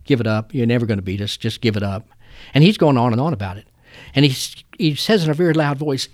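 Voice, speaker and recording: An older man, a trial lawyer telling folksy stories in an interview. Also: mid-range voice. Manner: folksy, drawling storyteller. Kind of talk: interview storytelling.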